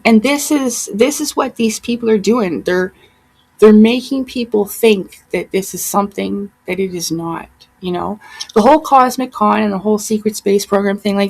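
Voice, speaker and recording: A woman's voice: mid-range voice, normal speed, creaky, a little mellow, low-quality recording. A woman vlogger talking straight to her viewers in a heated, rambling, profane monologue. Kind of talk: casual ranting monologue.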